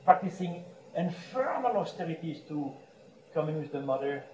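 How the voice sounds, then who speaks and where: Monk guy preaching, kinda high voice, chuckly storyteller, far off mic in a roomy space. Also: very animated, moderate pace, a little mellow. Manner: storytelling with frequent chuckles and restarts. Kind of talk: sermon. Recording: roomy echo, distant mic, faint background hum.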